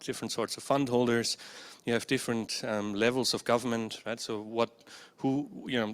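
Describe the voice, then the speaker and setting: Indoors at a conference, a man with a fairly low, fairly bright voice leads a workshop session through a handheld or stand microphone. He frequently checks in with the audience, speaking hesitantly with lots of fillers.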